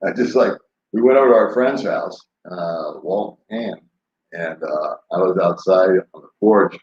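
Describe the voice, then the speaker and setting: An older man with a fairly low voice chats loosely with his live-stream viewers. He rambles, laughs often and sounds unhurried. The sound is roomy and a little dull, like a lo-fi home setup. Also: a little hiss or hum. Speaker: vlogger answering live chat. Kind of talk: casual live-stream chat.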